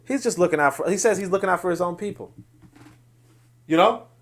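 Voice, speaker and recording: Male podcast host, high voice, emphatic lecturing commentary. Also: fairly quick. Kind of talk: solo commentary on social media posts.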